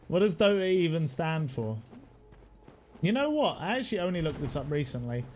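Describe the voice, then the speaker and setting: A young British man streaming a game, rambling casually, swearing freely, laughing often and shouting at the game now and then. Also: fairly high pitch, huge pitch swings, measured pace, slight background noise. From United Kingdom. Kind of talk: casual live-stream chat while gaming.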